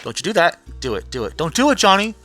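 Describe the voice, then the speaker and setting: A man doing a mocking impression of a woman who fakes concern and goads, swinging between pleading and flat taunting. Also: sits high, fast, no room sound, soft background music, heavily acted. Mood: goading. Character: impression of a woman, mock-caring, cold and goading.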